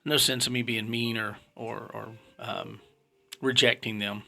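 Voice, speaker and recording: A man's voice: mid-range voice, fairly even intonation, measured pace, creaky, sharp tone. A man in his fifties giving a blunt, opinionated casual monologue as a vlogger. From United States. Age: 50s.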